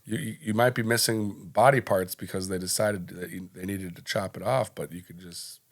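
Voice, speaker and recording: A man's voice: low voice, fairly even intonation, moderate pace. A young man co-hosting a podcast, chatting casually and rambling with many fillers and restarts. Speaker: podcast co-host. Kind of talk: casual chat.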